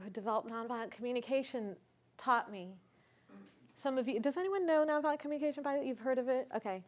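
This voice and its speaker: A woman speaking at a conference, telling a personal story in an earnest, reflective way and asking the audience questions. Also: a little high. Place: conference stage.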